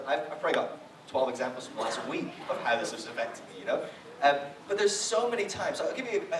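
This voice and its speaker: A man giving a conversational sermon as a guest preacher, telling stories with frequent "right?" asides and acting out quotes. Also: medium pitch. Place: church hall. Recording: echoey hall, distant mic, faint noise.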